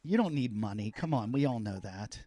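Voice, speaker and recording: A man hosting a podcast, telling stories in a loud, joking, profane way during a casual interview. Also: lowish voice, brisk, a little hiss or hum. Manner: animated, profane, jokey storytelling. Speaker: podcast host.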